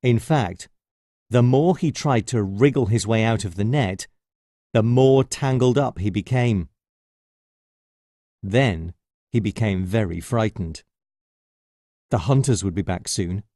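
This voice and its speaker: Slow, expressive male storyteller. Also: on the low side, no echo, studio quality. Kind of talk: children's story narration.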